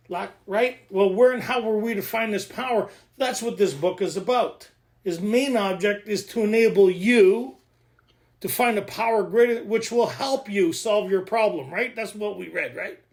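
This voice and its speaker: A man leading a recovery workshop, joking, excitable and laughing often as he explains the reading. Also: high-pitched, measured pace. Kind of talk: animated teaching talk.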